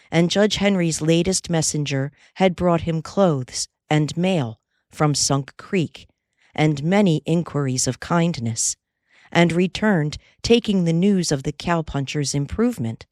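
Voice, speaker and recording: A woman reading a classic novel as an audiobook narrator, with measured, unhurried storytelling. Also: deep voice, a little mellow, no room sound, studio quality.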